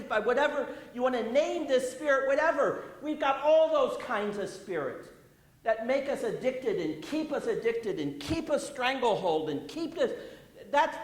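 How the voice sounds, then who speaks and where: A high-voiced male pastor preaches in a folksy, storytelling way, chuckling and repeating himself. He is a little out of breath. The sermon echoes through a roomy church sanctuary.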